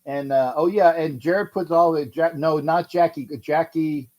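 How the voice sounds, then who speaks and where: A man's voice: fairly high pitch, steady tone, a little slow, lo-fi sound. A man hosting a casual live stream with fans, profane and rambling, often repeating himself. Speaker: host of a sports fan live stream.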